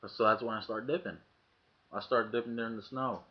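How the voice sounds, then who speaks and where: A man's voice: medium pitch, steady tone, a little fast. A man telling a story casually to his webcam, swearing freely and acting out the lines of people in it. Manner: profane, acts out quoted lines in the story. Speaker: vlogger. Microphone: webcam mic. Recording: dull lo-fi webcam audio.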